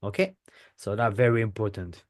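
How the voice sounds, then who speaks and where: A man's voice: fairly low pitch, steady tone, normal speed. French man explaining things step by step. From France. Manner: explains step by step, often checks in with "okay?". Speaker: French teacher. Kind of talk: pronunciation lesson to camera.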